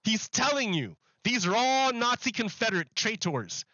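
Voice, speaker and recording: A man's voice: very high-pitched, very animated, moderate pace, bright, forceful tone, dry recording, lo-fi sound. A man hosting a stream, giving profane, sarcastic, heated commentary on clips. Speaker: streamer host. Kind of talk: ranting commentary over clips.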